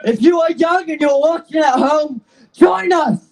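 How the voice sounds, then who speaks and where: A young man, a student activist, giving an impassioned, defiant speech to an outdoor rally, shouting and out of breath. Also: extremely high pitch, measured pace, creaky, low-quality recording. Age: young adult.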